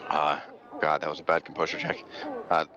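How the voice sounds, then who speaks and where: A man's voice: a bass voice, monotone, brisk, crowd noise. A man narrating as game master, rambling with many fillers and frequent laughter. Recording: dull lo-fi audio.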